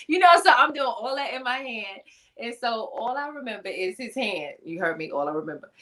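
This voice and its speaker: A woman telling her personal testimony in an animated storytelling style, acting out voices and laughing often. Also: mid-range voice. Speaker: guest, motivational speaker.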